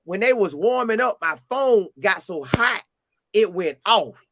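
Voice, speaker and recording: Speaking a little slowly over background noise, a Southern man from Florida animatedly tells a casual story about visiting a game. He acts out what people said using a higher voice.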